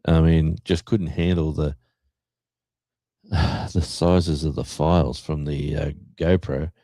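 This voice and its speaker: A man's voice: a bass voice, flat delivery, slow pace, warm tone, dry recording. An Australian man hosting a livestream, chatting casually and rambling, with many fillers and restarts while he reads the chat. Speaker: livestream host. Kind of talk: casual chat reading a live chat.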